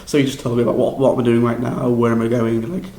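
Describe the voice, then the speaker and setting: A young man with a Liverpool accent, recapping a drama school audition in a rambling, excitable, self-deprecating way with lots of restarts. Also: medium pitch, fast talker, reverberant, low-quality recording. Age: young adult. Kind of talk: casual vlog recap.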